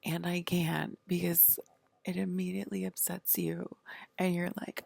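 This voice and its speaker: A woman's voice: on the low side, fairly even intonation, unhurried, creaky, no echo. A woman vlogger talking in a rambling, profane casual monologue, leaning on "like" and sometimes dropping to a half-whisper. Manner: rambling and profane, heavy use of "like"; drifts into half-whispered stretches.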